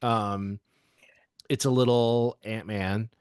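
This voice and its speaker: A man's voice: on the low side, fairly even intonation, slow, darkish tone, smooth, no room sound, clean studio sound. A man from the American South co-hosting a podcast, talking casually with lots of fillers and restarts. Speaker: podcast co-host. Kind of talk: casual chat.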